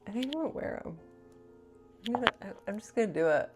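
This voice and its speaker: A woman's voice: fairly high pitch, big pitch swings, quick pace, over music. A woman vlogger chatting casually to camera in a rambling way, with lots of "like" fillers.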